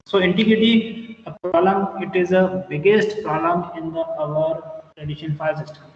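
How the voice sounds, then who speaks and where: High-voiced man lecturing in echoey room. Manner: explains slowly with repetitions and fillers. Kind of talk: classroom lecture. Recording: echoey room, distant mic, muffled.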